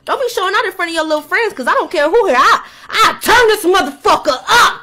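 A woman playing a hot-tempered mother who loudly scolds and threatens her kids in a comedy skit. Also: very high-pitched, sing-song, brisk, heavily acted. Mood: angry. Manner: loud, threatening, cursing.

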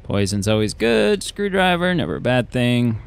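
A man's voice: medium pitch, very animated, moderate pace, gravelly, clean tone. A young man giving casual, jokey commentary while playing a video game, talking to himself as he goes. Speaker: gaming YouTuber. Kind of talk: casual let's play commentary.

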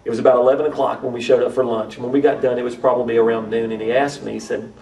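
Man, missionary, mellow gravelly voice, earnest testimony with restarts, heard from a distance. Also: mid-range voice, fairly even intonation, fast talker. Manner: earnest, repeats and restarts phrases. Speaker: missionary to urban youth. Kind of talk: testimony storytelling. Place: church conference.

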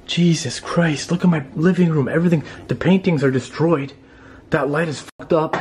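A man's voice: a little high, normal speed, slight background noise. A man vlogging from inside his house at night, frightened, swearing and repeating himself to his viewers on a handheld camera. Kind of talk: paranormal vlog, addressing viewers. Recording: loud music over the voice.

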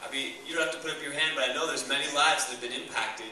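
Young pastor preaching in an echoey hall. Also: male voice, mid-range voice, racing, bright, forceful tone, a little hiss or hum. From Canada. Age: young adult. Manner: enthusiastic, conversational preaching. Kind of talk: sermon. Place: church hall. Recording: echoey church hall, mic far off.

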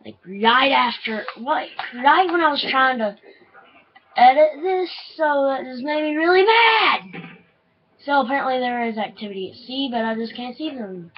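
A young woman commentating her own shooter gameplay, swinging between easy chatter and yelling and swearing at other players. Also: high voice, normal speed, slight background noise. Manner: excitable, yelling and swearing at opponents. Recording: dull lo-fi sound.

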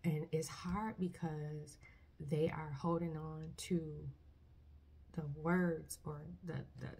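A woman talking casually to camera about her faith. She speaks earnestly and haltingly, starting sentences over often. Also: sits low, flat delivery, creaky, husky. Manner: earnest, halting, soft-spoken with many restarts. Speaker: vlogger. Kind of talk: personal faith testimony, casual talk.

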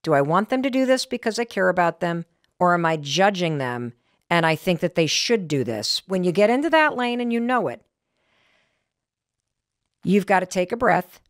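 Woman, American accent, middle-aged, podcast host, lively swooping pitch, dry close sound. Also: normal speed, no room sound. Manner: candid, animated storytelling. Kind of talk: motivational podcast talk.

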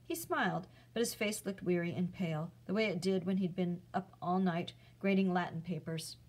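A woman's voice: on the low side, normal speed, a little mellow, rough recording. Woman reading a chapter book aloud.

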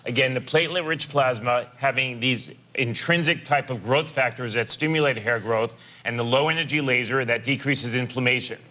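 A man appearing as a dermatologist guest on a TV show, explaining a treatment in measured clinical terms. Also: mid-range voice, pushed and bright. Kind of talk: studio interview.

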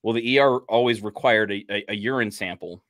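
Guy with a lowish voice telling patrol stories, laid back, lots of "you know", dry mic. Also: fairly quick, fairly bright tone, no echo. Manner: laid-back, frequent "you know" fillers, laughs at his own stories. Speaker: podcast host, police officer. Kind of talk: casual storytelling chat.

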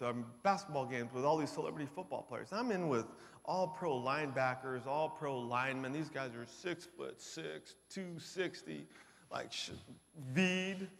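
A middle-aged man with a high voice gives a personal testimony at a conference. He moves from hushed to forceful and emotional. His words ring out with a long reverb across a large hall. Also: vocal fry. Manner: emotional, builds from quiet to loud. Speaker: conference speaker. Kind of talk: testimony talk.

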